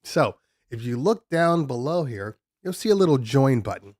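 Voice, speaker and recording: A man's voice: mid-range voice, sing-song, normal speed, a little mellow, no room sound, studio quality. A man hosting a DJ live stream, answering viewer questions in a loose, rambling way with many ums and restarts. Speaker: DJ podcast host. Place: home studio room.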